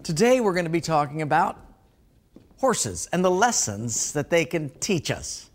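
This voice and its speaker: A man's voice: on the high side, very animated, measured pace. A man preaching a sermon as a pastor, telling folksy stories and laughing at his own jokes.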